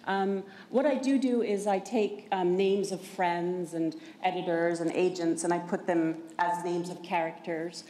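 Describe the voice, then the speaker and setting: A woman novelist on a panel, speaking hesitantly with many pauses. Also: fairly low pitch, fairly even intonation, dark tone. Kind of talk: casual panel talk. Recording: echoey room, faint noise.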